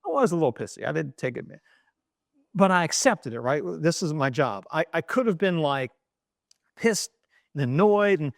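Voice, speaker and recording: A middle-aged man from East Baltimore, a journalist telling an animated anecdote in an interview, with frequent restarts. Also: mid-range voice, normal speed, no echo, studio quality. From East Baltimore, USA.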